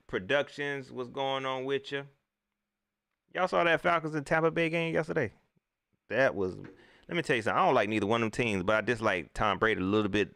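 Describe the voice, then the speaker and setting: A man riffs through a joking livestream about his football team. His pitch leaps around in a lively, animated way, and the sound is dry and close. He speaks in a loose, slangy, casual style. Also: no room sound. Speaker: sports vlogger.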